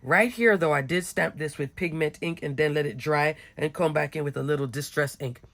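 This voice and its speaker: A woman with a raspy, slightly sick voice, casually showing her handmade cards with goofy giggles. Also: low-pitched, a little fast, a bit bright. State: a little sick, hoarse. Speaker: card-making crafter. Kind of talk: casual craft tutorial chat.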